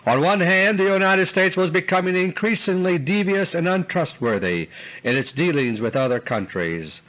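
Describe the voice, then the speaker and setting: A man delivering a scripted political commentary monologue in an earnest, deliberate way, slowing down for emphasis. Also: fairly high pitch, fairly bright tone, low-quality recording. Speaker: commentator delivering a recorded audio letter.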